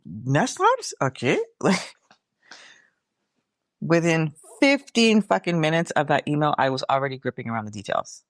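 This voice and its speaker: A woman's voice: sits low, big pitch swings, moderate pace, long pauses, no echo. Candid swearing woman podcaster, dry sound. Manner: candid, swears freely, addresses listeners as y'all. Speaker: podcast host. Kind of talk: casual reflective monologue.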